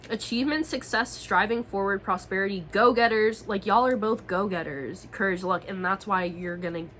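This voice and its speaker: Young woman, tarot reader, casual reading, slangy and profane, bright tone, faint background hiss. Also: medium pitch, moderate pace, rough recording.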